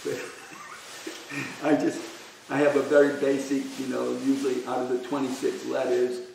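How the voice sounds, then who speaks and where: A man giving a devotional scripture class in a conversational way, full of "you know", then reading a passage aloud slowly and deliberately. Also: medium pitch, flat delivery, gravelly, a little mellow. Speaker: class speaker. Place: temple hall. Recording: echoey room, distant mic, faint noise.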